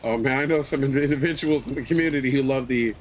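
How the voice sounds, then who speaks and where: A man hosting a livestream, chatting casually with viewers in a relaxed way, swearing often and repeating his phrases. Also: medium pitch, fast, a little hiss or hum. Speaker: livestream host.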